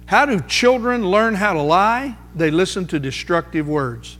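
A man preaching a sermon, emphatic, slowing down to repeat key phrases for weight. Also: high voice, animated, fairly bright tone. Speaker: pastor. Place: church sanctuary. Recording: music under voice, long hall reverb.

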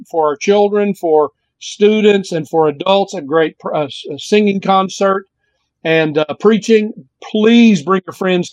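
A man pastor delivers a sermon in an earnest, repetitive cadence, slowing down on the words he wants to land. His voice sits a little higher than most men's. The sound is dry and close, with almost no room around it. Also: dry recording, low-quality recording. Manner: earnest, repetitive preaching cadence with drawn-out emphasis.

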